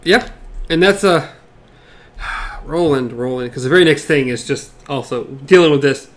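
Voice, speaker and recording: Playful man podcast co-host. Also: measured pace. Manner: playful, yelps character lines in a high squeal. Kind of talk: casual book discussion, reading passages aloud.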